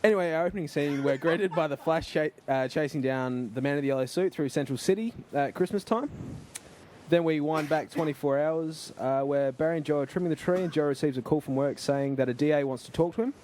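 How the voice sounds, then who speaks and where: Guy recapping a tv episode on a podcast, mellow voice, bit of hiss behind. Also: a little high. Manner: recapping plot, halting restarts. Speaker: podcast host. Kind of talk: casual chat and episode recap.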